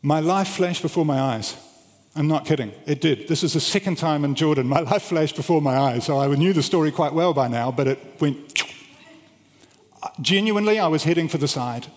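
Man, middle-aged, preacher, storytelling sermon, animated delivery, slightly high voice, long hall echo. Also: a little fast. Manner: animated storyteller with big swings in pitch and loudness. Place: large hall with an audience.

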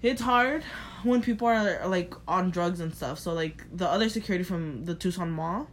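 Young woman, low-ish voice, easygoing chat, faint noise behind. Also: normal speed. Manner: relaxed, fills with "like". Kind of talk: casual chat.

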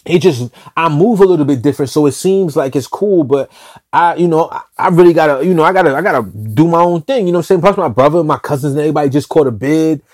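A man with a fairly high voice tells a street story in a loose, unscripted monologue. He talks in heavy slang and swears freely. His delivery is animated, and he trips over and restarts his sentences as he goes. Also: fast, dry recording, clean studio sound. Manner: profane, slangy, animated retelling with many restarts.

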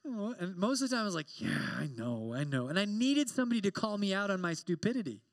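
Young male campus preacher, high-pitched, dry close mic, animated and joking. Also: fast, no echo. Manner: animated, joking, acts out quoted exchanges. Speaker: campus pastor. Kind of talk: sermon.

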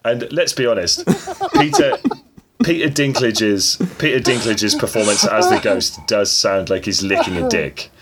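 A man's voice: lowish voice, sing-song, a little slow, heavy background noise. A man co-hosting a podcast in casual banter, crude and swearing, laughing often. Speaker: podcast co-host.

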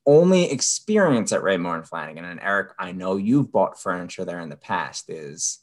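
A man co-hosting a podcast, telling a story with lively asides and mocking impressions of people. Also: moderate pace. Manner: animated storyteller, mimics people in high voices. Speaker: podcast co-host. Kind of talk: casual chat.

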